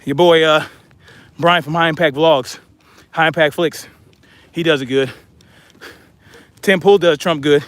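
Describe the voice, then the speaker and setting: Breathless man, high pitch, blunt outdoor vlog monologue while hiking. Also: steady tone, measured pace, pauses often, a bit bright, dry recording. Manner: blunt, chatty, addresses viewers as y'all. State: out of breath from hiking uphill with a pack. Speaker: vlogger.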